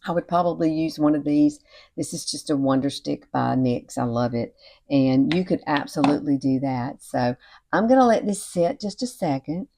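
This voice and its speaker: A woman talks through a casual makeup tutorial at home. She sounds chatty and encouraging and keeps calling the viewer girl. Her voice sits a little low. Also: lively intonation, moderate pace, dark tone. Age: 60s. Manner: chatty and encouraging, often says y'all and girl. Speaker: beauty vlogger. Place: home at night with cicadas outside.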